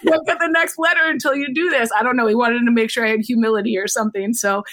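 A woman telling a personal story in conversation, lively and animated, acting out quotes and laughing often. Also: a little high, quick pace, noisy background. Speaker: guest.

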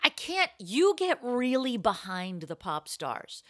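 Woman, comedy podcast co-host, playful, riffing, bright voice, lively swings in pitch. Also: dry recording, clean studio sound. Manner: playful, quick to laugh, riffing. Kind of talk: casual comedic chat.

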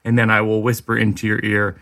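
A male podcast host in casual chat, spinning deadpan absurd bits. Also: lowish voice, quick pace.

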